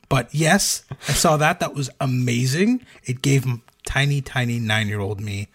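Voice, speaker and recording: A man's voice: medium pitch, measured pace, fairly bright tone, breathy edge. A man hosting a casual podcast, telling stories with jokes and many fillers. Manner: joking, storytelling, many fillers. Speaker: podcast host.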